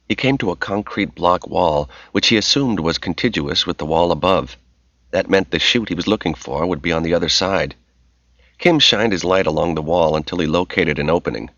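A man giving a measured, scripted audiobook narration. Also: low voice, fairly bright tone, dry recording. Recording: slightly dull dry recording.

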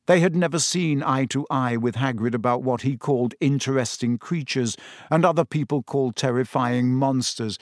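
A man narrating a story in a measured, even reading style. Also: mid-range voice, no echo, studio quality. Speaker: audiobook narrator.

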